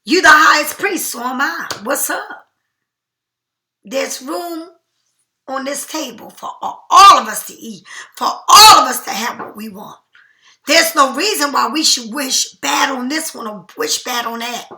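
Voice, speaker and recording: A woman giving a casual, chatty tarot reading in an animated, slangy way. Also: high voice, a little slow, reverberant. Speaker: tarot reader.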